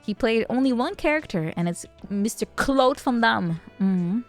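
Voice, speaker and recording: A woman's voice: on the high side, expressive, normal speed, faint music behind. A woman streamer chatting casually, rambling and joking and often breaking into laughter. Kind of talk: casual chat.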